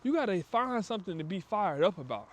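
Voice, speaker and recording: A man's voice: high-pitched, sing-song, brisk. A man giving a casual motivational talk on a walk, emphatic and preachy, with slang and acted-out asides. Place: outdoors on a walk.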